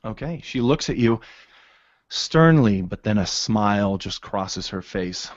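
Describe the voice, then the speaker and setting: Slow, low-voiced male game master. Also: lively intonation, no room sound. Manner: slow, vivid descriptive narration. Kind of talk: narrating a tabletop game. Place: home, over an online call. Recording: dull lo-fi online call.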